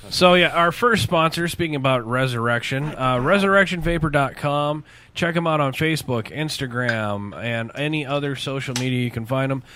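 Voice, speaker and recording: A man's voice: medium pitch, moderate pace, hardly any pauses, sharp tone. A man hosting a podcast from his basement studio, chatting casually and telling rambling stories with plenty of swearing. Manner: profane, rambling storyteller. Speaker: podcast host. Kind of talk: casual chat.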